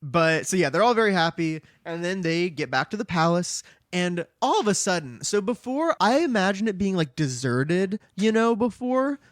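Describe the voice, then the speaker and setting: Lively high-voiced man chatting casually. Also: moderate pace, hardly any pauses, no room sound, studio quality. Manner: lively, laughs often, acts out quotes. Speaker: podcast co-host. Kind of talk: casual book discussion.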